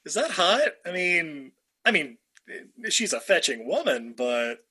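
A man's voice: a little high, sing-song, unhurried, pushed and bright, husky. A man co-hosting a casual movie podcast, joking, rambling and laughing often. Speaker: podcast co-host. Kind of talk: casual movie-review chat.

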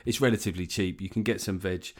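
A man's voice: low-pitched, steady tone, fast. A man hosting a podcast, talking in a rambling, sweary way with jokey asides. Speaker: podcast host. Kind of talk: casual solo monologue.

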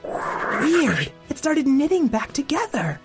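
A man's voice: very high voice, slow, gravelly, music in the background. Playful man telling a kids' story. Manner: playful, expressive, asks the child questions. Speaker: host and storyteller. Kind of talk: improvised children's story.

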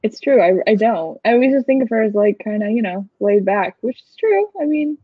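A chatty woman co-hosts a podcast in a loose, giggly way, stumbling over her words now and then. Her voice is slightly high and husky. The sound is dry and a bit dull, like a lo-fi home recording. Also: animated, no echo. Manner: chatty, giggly, halting restarts. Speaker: podcast co-host. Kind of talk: casual chat.

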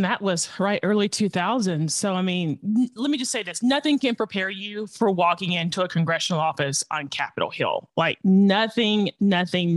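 A man's voice: high voice, no room sound. A man from Tennessee telling stories in a casual interview, acting out quoted lines. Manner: animated anecdote teller who acts out quotes. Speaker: podcast guest, former congressional staffer.

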